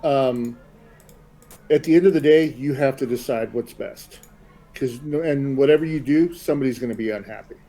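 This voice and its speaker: A man's voice: medium pitch, normal speed, warm tone, poor audio. A man hosting a casual podcast, talking in an easygoing, rambling way full of fillers as he hands out advice. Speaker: podcast host.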